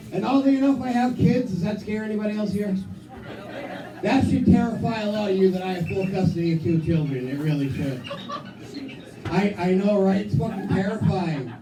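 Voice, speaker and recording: A high-pitched stand-up comic in his thirties with a New England accent does a crude, self-mocking set full of heavy swearing on a small comedy club stage. He keeps breaking into loud, acted-out quotes of his own voice. The sound is roomy and distant, with live music and crowd in the background.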